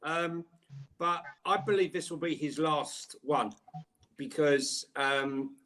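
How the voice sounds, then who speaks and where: A man's voice: fairly high pitch, takes it slowly, a bit bright, a little hiss or hum. A man on a casual panel chat, joking and playing with puns.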